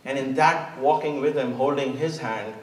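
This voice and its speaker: A man's voice: medium pitch, normal speed. A man giving an earnest, emphatic inspirational talk from a church stage, often repeating words. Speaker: guest speaker. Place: church hall. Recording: echoey hall, mic at a distance.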